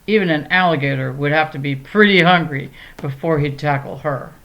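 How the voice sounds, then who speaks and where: A soft-hearted storybook lion speaks with earnest, reproachful reason, as a woman reads him. His voice sits low and unhurried. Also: dull audio. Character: gentle, reasonable male lion.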